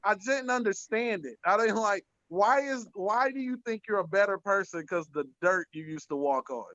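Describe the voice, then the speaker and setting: A man from the American South trading comedic rants on a panel, animated and laughing, rising to shouts to make a point. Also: sits high, normal speed, no echo, dull audio. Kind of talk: casual comedic banter.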